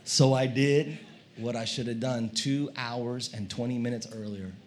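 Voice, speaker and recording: A male pastor preaching a sermon, telling a comic story in an animated way and acting out his own shouting. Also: mid-range voice, a little slow. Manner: animated, acts out quoted shouting.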